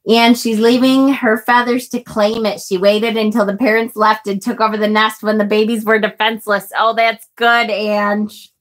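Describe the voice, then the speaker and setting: With a medium-pitched, flat delivery at a moderate pace and hardly any pauses, a middle-aged woman chats casually on her tarot livestream. She greets viewers and reads their comments, getting emotional and gasping and exclaiming at the card images.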